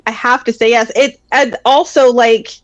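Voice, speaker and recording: A woman in casual podcast chat, talking in a halting way with many restarts. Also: fairly high pitch, steady tone, no echo, highs cut off.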